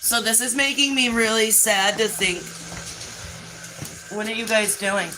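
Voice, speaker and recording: A woman's voice: on the high side, measured pace, noisy background. A woman hosting a casual livestream outdoors by a pool, talking loosely and profanely while coaxing her dogs along. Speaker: livestream host.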